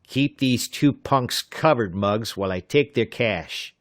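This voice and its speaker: A man voicing a big, rough gunman in an audiobook, snarling his threats. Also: medium pitch, a little slow, no room sound, clean studio sound, lightly acted. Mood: menacing. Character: big rough adult male gunman, menacing.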